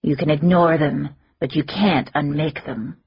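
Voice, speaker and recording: A woman's voice: low-pitched, a little slow, husky, lo-fi sound, full character voice. A woman reading a soothing, commanding ancient fae woman. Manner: soothing, steady authority.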